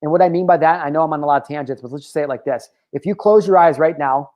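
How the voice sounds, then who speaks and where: A man in his thirties speaks as host of his own motivational talk. His voice sits a little higher than most men's, and he talks candidly, swears freely and wanders into tangents with plenty of filler words. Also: very fast, muffled recording. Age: 30s.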